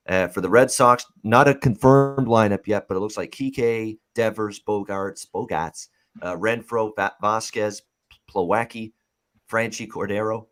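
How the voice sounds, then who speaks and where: A man's voice: fairly low pitch, fairly bright tone. A man hosting a live sports betting talk show, talking in a loose, rambling way with many fillers and reading out viewer comments. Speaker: host.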